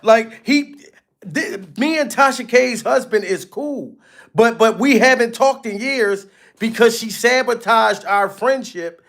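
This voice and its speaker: A man's voice: very high voice, a little slow, vocal fry, fairly bright tone. A man hosting a gossip commentary vlog, dramatic and talking straight to his viewers. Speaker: commentary channel host.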